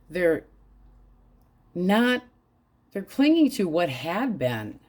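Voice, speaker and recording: A woman's voice: fairly low pitch, big pitch swings, very slow, pauses often, darkish tone. A woman giving a casual tarot reading, talking bluntly and crudely in a frank, offhand way. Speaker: tarot reader.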